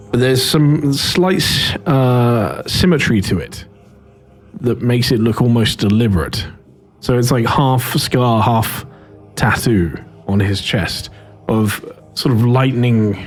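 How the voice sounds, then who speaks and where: A man narrating a tabletop game as game master, his voice sitting at an ordinary middle pitch. He describes scenes haltingly, often pausing on fillers and restarting his sentences. Soft music plays faintly behind him. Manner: hesitant, many fillers and restarts.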